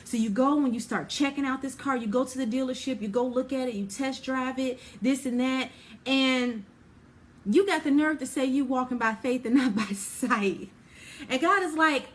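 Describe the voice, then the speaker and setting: Chatty higher-voiced woman teaching scripture. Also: normal speed. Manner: chatty, full of "you know" and "like"; acts out everyday scenes with quoted dialogue. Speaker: Bible teacher. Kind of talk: informal Bible teaching.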